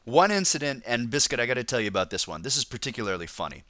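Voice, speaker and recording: A man's voice: medium pitch, big pitch swings, very fast, bright, forceful tone, no room sound, clean studio sound. A man hosting a casual podcast, telling a history story in a rambling way, with lots of fillers and laughter. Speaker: podcast host.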